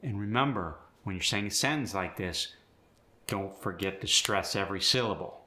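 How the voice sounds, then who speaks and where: A man's voice: lowish voice, normal speed, pushed and bright. A man teaching an accent, explaining each sound change step by step before reading an example sentence. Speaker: accent coach. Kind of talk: accent tutorial.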